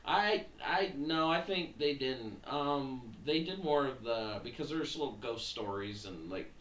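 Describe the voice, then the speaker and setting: A man hosting a podcast as casual chat, an excitable storyteller who keeps saying "dude" and "like". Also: medium pitch, a little slow. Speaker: podcast host. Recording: roomy, mic at a distance, faint hiss.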